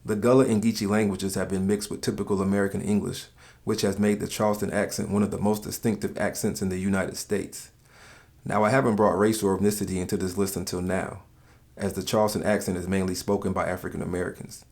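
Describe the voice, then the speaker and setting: A man narrating in a calm, measured, scripted way, explaining things to the listener. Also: sits low, creaky.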